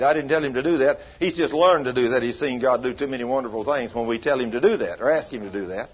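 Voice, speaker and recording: This man's mid-range, slightly rough voice races along with few pauses as he preaches in a church hall. He tells a healing story, folksy and emphatic, on a dull lo-fi recording.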